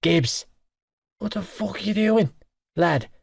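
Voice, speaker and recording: A gruff young rugby captain, short-tempered with his drunk teammate, speaks curt and exasperated. A man plays him with his voice lifted above his reading tone, in a dry close recording. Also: high voice, animated, slow pace, no echo, pitched above the performer's own voice, heavily acted.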